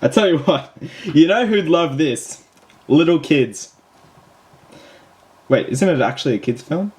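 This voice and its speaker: Young australian man, comedic film commentary, mocking rants, swears a lot, lively pitch, voice on the higher side. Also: measured pace, slight background noise. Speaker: film reviewer. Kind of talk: comedic movie review commentary.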